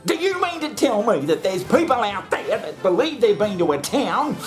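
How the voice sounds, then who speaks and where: A man rambles through a comic monologue and argues with himself as he goes. His talk is coarse and full of swearing, and he laughs at his own jokes. Clear music plays behind his voice. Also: high-pitched, big pitch swings, normal speed. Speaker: comedy show host.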